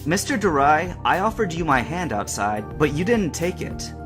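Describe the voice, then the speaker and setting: A man reading a storybook voices a calm, observant teenage boy who questions coolly. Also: on the high side, normal speed, music in the background, voice pushed up. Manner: calm, probing, dry.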